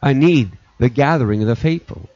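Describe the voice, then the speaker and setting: A man's voice: medium pitch, a little fast, a little mellow, no echo. A middle-aged male pastor preaching a sermon, earnest and repetitive, circling back to restate his points. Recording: dull lo-fi recording.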